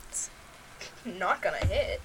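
A woman's voice: medium pitch, sing-song, slow, background noise. A woman playing in a tabletop game, talking casually and hesitantly with lots of ums. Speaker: player.

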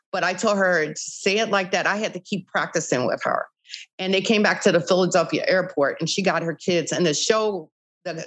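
An older woman, founder of a child-recovery group, telling stories in an interview and acting out old conversations with many "you know" asides. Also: on the low side. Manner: animated, acts out past conversations. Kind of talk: interview storytelling.

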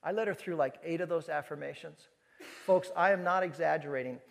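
Male preacher, animated storyteller, slightly high voice, long hall reverb. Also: brisk, creaky. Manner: animated storyteller who acts out dialogue. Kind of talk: sermon storytelling to a live audience.

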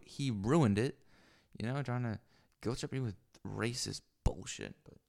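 A man's voice: medium pitch, a little slow, creaky, darkish tone. A man talking alone into a microphone on a stand in a small home room, rambling and crude, with many fillers and restarts. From lives in Los Angeles. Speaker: solo podcaster. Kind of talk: rambling solo monologue.

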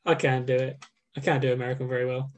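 A man's voice: medium pitch, level tone, quick pace, lo-fi sound. A man co-hosting a podcast in casual chat, joking and swearing casually. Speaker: podcast co-host.

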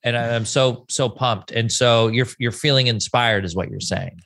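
A man's voice: medium pitch, normal speed, creaky, fairly bright tone. A man co-hosting a podcast in casual chat, upbeat and asking probing questions. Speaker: podcast co-host.

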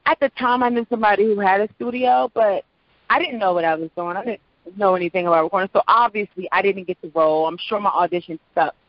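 A woman in her thirties with a low voice for a woman, a lively guest telling her story in a casual interview. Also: quick pace, no room sound. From Prince George's County, Maryland, US. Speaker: actress and voice-over artist, guest. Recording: dull lo-fi audio.

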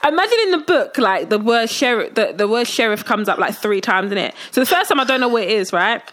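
A woman with a slight lisp, telling lively stories in a casual chat and teasing her co-host. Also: fairly high pitch, fast. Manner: teasing, exclaiming, laughing through stories. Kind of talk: casual chat, animated storytelling.

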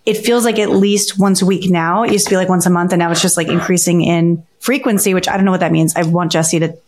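A woman in her thirties co-hosting a podcast, telling a strange dream in a lively, casual way, swearing and laughing as she goes. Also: on the low side, fast. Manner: animated storyteller, swears freely, laughs while talking. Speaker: podcast co-host.

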